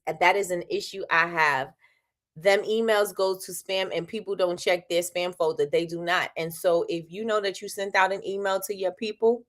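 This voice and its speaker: Lively laughing woman host. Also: on the low side. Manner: lively, laughs often, talks straight to viewers with slang. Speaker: host of a small-business livestream. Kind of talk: casual advice chat to live viewers.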